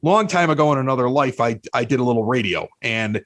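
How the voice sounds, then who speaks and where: A man with a Chicago accent, a podcast guest telling animated, self-mocking stories in casual chat, often restarting his sentences. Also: mid-range voice, quick pace, dry recording.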